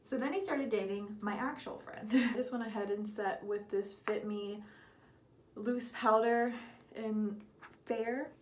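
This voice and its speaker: A woman's voice: on the high side, steady tone, unhurried, reverberant. A young woman casually telling a story while doing her makeup, candid and giggly, swearing freely. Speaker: beauty vlogger.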